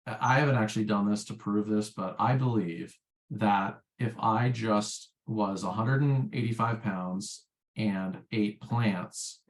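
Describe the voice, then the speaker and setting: A man, a former sales rep chatting as an interview guest in a rambling, filler-heavy way. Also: fairly low pitch. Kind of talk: casual interview chat.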